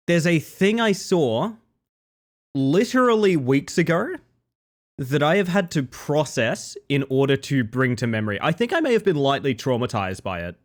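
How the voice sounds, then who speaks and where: A young man streaming live while a little sick, his voice a bit off, bantering playfully with his viewers. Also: mid-range voice. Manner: playful, jokey banter, greeting viewers by name.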